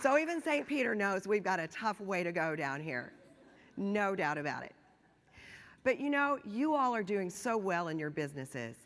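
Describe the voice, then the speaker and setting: A middle-aged woman delivers a keynote with animated storytelling, her lines lifting for emphasis. Her voice sits on the low side, and a long reverb from a large hall trails after her. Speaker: keynote speaker. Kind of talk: keynote speech.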